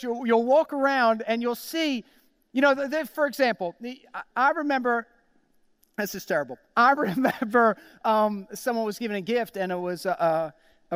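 A young adult male pastor from South Jersey preaching a sermon, telling stories with lively acted-out quotes. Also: sits high, no room sound, studio quality. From South Jersey, USA. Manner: animated storytelling, acts out quoted voices.

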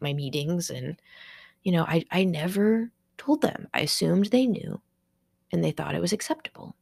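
A woman's voice: lowish voice, gravelly, darkish tone, breathy edge, no echo, clean studio sound. A young woman hosting her own podcast, talking through a personal story in an emotional, rambling way, full of "like" and restarted sentences. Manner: emotional and rambling, heavy with filler "like"; searching, restarting sentences while processing aloud. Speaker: podcast host.

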